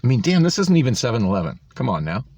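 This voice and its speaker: A man's voice: mid-range voice, very animated, rapid-fire, a little mellow. A man recording a vlog on his phone, exasperated and sarcastic as he rants about a store visit, swearing freely. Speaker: vlogger. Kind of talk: ranting vlog storytelling.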